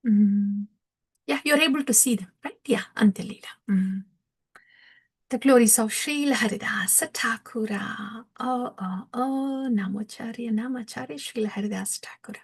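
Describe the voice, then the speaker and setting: Brief: female scripture teacher, storytelling, husky, near-whispered. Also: fairly high pitch, moderate pace.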